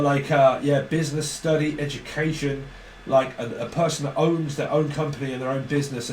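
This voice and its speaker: A man giving a casual, rambling, sweary tarot reading. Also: on the high side. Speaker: tarot reader. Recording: roomy, distant mic, faint hiss.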